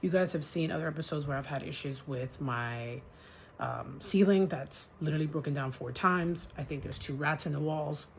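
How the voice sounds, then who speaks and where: A woman's voice: low-pitched, normal speed, a little hiss or hum. A woman venting in a casual vlog from her apartment, frustrated and ranting, swearing as she talks. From New York City. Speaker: vlogger. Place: apartment, indoors.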